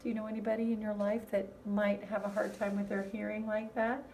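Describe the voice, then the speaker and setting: A woman teaching a music lesson to young children, in a gentle, encouraging way that speaks straight to them. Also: medium pitch, level tone, brisk, distant mic, a little hiss or hum.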